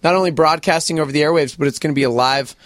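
A man's voice: on the high side, fairly bright tone, no room sound. A man hosting a radio show, chatting casually and laughing often. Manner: laughs often, quick and playful. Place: radio studio.

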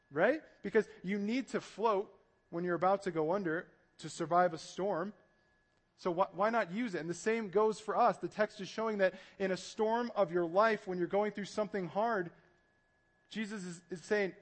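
High-voiced man preaching a lively sermon. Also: a little fast. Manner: animated, acts out panicked voices. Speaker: pastor.

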